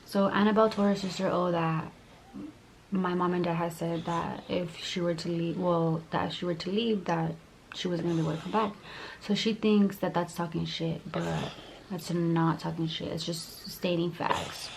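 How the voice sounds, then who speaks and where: Brief Young woman vlogger, low-ish voice, angry profane storytime, faint background noise. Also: level tone, normal speed, vocal fry. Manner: heated, profane, lots of "like" fillers. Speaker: YouTuber. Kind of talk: storytime vlog rant.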